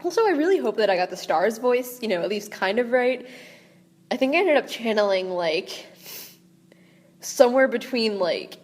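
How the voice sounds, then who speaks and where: A woman's voice: a little high, lively intonation, normal speed, a little mellow. Young woman rambling between read passages. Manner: rambling, giggly asides. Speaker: amateur audiobook reader. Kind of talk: reading aloud with casual commentary. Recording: echoey room with long reverb.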